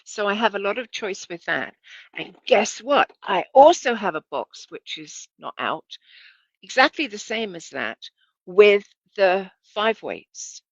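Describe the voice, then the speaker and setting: A woman's voice: medium pitch, very animated, measured pace, no echo, lo-fi sound. A woman giving a casual, chatty demonstration lesson as a sewing instructor, correcting herself and asking viewers to look.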